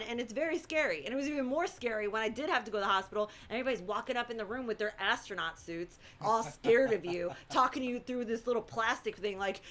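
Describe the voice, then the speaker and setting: A middle-aged woman co-hosting a live stream chat, telling her story in a lively way and acting out what people said. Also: a little high, fast, hardly any pauses. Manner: animated storytelling, acts out quotes. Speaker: co-host.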